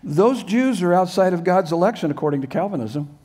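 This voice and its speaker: Older man, pastor, sermon, earnest, emphatic, rhetorical questions, raised pitch, church sanctuary. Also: animated, fairly quick, mellow, slightly rough.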